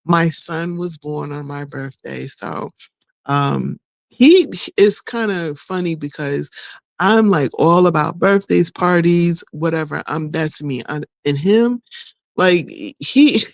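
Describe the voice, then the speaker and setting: A middle-aged woman chatting casually in a vlog, rambling and folksy, laughing often and a little hoarse from losing her voice. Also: low-pitched, slow, dry recording. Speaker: vlogger.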